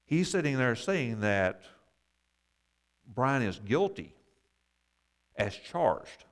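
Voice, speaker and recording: Male Bible class teacher, explanatory, mid pitch, wry asides. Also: sing-song, very slow.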